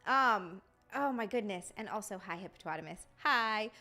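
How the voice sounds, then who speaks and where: A woman's voice: mid-range voice, animated, moderate pace, sharp tone, faint music behind. A young woman chatting casually on a live stream, swearing freely and greeting viewers by name.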